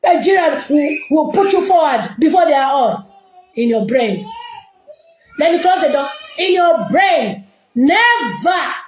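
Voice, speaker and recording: A woman's voice: high-pitched, lively intonation, unhurried, echoey room, slight background noise, rough recording. A woman from Zambia, giving an impassioned, scolding reaction rant full of rhetorical questions. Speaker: online commentator.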